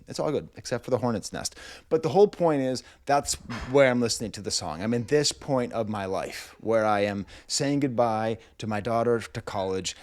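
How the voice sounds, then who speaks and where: A man's voice: on the low side, lively intonation, brisk, darkish tone, no room sound. A middle-aged man reviewing music, telling a long story in a rambling, wry way full of comic asides, indoors in a rental house.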